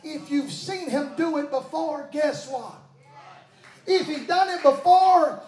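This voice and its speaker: A pastor preaching a sermon in a church. He calls out to the congregation and breaks into shouts. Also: extremely high pitch, slow, soft background music. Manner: call-and-response preaching with shouted bursts. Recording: echoey church hall.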